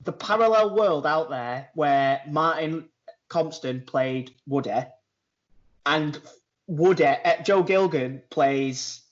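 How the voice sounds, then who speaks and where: A man co-hosts a podcast in relaxed chat. His voice sits a bit high, and he likes to retell little stories and tack "innit" onto his sentences. The audio is dull and lo-fi. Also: slow. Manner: chatty, retells stories, tags lines with "innit". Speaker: podcast co-host. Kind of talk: casual chat. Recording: muffled lo-fi remote audio.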